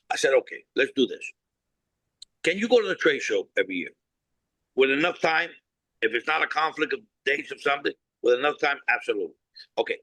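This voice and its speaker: A man's voice: medium pitch, sharp tone, no room sound, low-quality recording. A blunt, no-nonsense man, a cigar company founder, telling a story in an interview, acting out both sides of a conversation and swearing freely.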